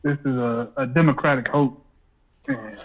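A man's voice: mid-range voice, fairly even intonation, normal speed. A man chatting casually in a laid-back, blunt way, with casual swearing. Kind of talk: casual chat. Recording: phone-like line.

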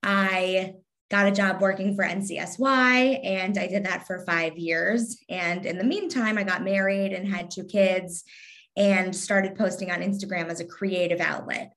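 A woman's voice: mid-range voice, unhurried, a bit bright. A woman in her thirties from Kentucky with a light Southern twang, talking casually as an interview guest in a sarcastic, witty way with lots of ums. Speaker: guest, Instagram influencer.

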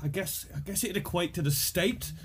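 A man's voice: high-pitched, moderate pace, a little hiss or hum. A man from Birmingham with a Brummie accent, chatting casually and laughing often, self-deprecating. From Birmingham, England. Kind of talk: casual chat.

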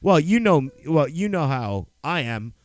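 A man's voice: on the high side, sing-song, a little slow, no room sound. A man co-hosting a podcast in loose, profane, rambling casual chat. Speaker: podcast co-host.

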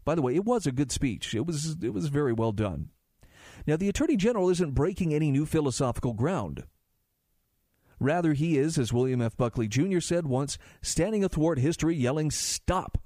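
A man's voice: fairly high pitch, lively intonation, brisk, dark tone, dry recording, clean studio sound. A man hosting a talk radio show, reading articles aloud and adding his own asides in a conversational way. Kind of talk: talk radio monologue and ad read.

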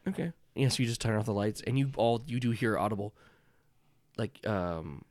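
A man's voice: lowish voice, moderate pace, a little mellow, no echo. A man narrating a tabletop horror game as game master, in a loose, rambling way with many fillers.

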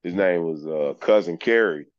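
A man speaks as a podcast guest, telling his story in a laid-back, candid way. His voice sits low. The recording is dry and a bit dull, with no room sound. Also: moderate pace, dry recording. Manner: laid-back, frank, peppers speech with "man". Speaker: podcast guest, journeyman lineman. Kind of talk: casual storytelling interview.

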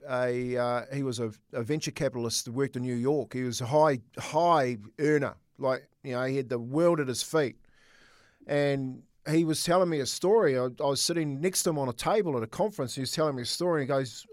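A man's voice: mid-range voice, a little fast, no echo. Earnest middle-aged man, dry close sound. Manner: earnest, rambling storytelling with restarts. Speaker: co-host. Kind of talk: casual sports chat.

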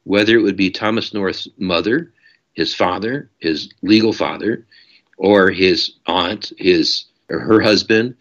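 A man's voice: low-pitched, a little slow, fairly bright tone. A man, an author, talking through his ideas in a passionate, discursive way in a casual interview. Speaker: author guest. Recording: dull lo-fi audio.

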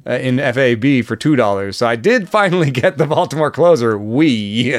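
A man's voice: mid-range voice, lively intonation, moderate pace, no echo. A man talking baseball on a casual podcast, chatty and laughing often, full of fillers and restarts. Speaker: baseball analyst.

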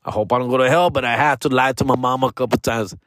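A man's voice: mid-range voice, steady tone, fast, fairly bright tone, no room sound. A man talking casually to camera from his room, slangy and profane, calling his listener "dog" and "fool" and dropping into Spanish mid-sentence. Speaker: vlogger. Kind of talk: casual personal monologue.

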